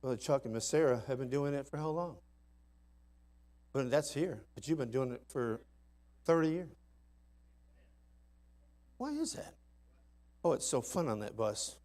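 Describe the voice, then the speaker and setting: A man preaching a sermon in a folksy, emphatic way, dropping to soft asides and rising to loud climaxes. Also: medium pitch, lively intonation, measured pace, long pauses. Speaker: pastor. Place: church sanctuary.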